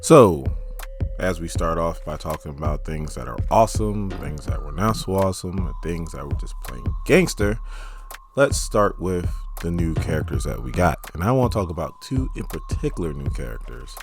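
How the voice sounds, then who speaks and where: A man's voice: sits low, moderate pace, music in the background. A man giving a casual, joking video review of a superhero film to his channel's viewers. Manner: joking, animated storytelling. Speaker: YouTube movie reviewer.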